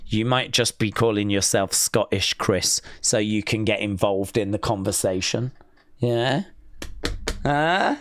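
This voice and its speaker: An English man hosting a casual live stream, reading out comments and ribbing his viewers. He talks in an unhurried, drawn-out way. His voice is close and dry, with no room sound. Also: fairly low pitch, fairly bright tone, no echo. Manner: playful and teasing, bantering with chat.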